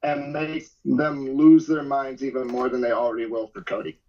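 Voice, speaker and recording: A man on a casual podcast panel, starting hesitantly and then speaking in quick bursts. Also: mid-range voice, little pitch movement, mellow, lo-fi sound.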